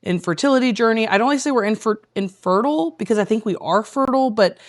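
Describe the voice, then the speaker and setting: A woman's voice: a little high, lively intonation, fast talker. A woman guest telling a heartfelt personal story in casual conversation, earnest and rambling with lots of fillers. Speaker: guest, tea room owner.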